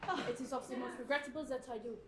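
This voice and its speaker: A woman's voice: high voice, steady tone, rapid-fire, a bit bright. Woman playing a pompous French detective. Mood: smug. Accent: put-on French. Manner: theatrical, mock-grand. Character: pompous male detective Poirot. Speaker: student actor. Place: theatre stage. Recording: roomy theatre, audience noise.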